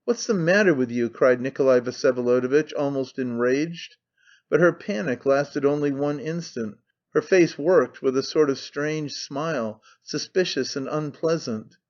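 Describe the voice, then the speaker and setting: A man reading a classic novel aloud as an audiobook narrator, in a measured, even way. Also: mid-range voice, highs cut off. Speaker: audiobook reader. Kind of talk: scripted narration.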